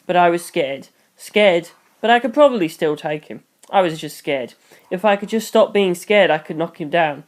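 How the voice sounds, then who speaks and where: A host reads a novel aloud in the first person, taking on a boy narrator's voice. The voice sits at a plain, middle pitch. Dry, deadpan humor slips into the asides. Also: normal speed. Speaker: channel host reading a fan novel aloud.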